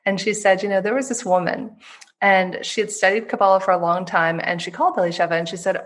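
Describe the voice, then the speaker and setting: A woman speaking as an interview guest, with a medium-pitched voice. She tells her stories with animation and jumps up in pitch whenever she acts out the people in them. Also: fast talker. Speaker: guest author.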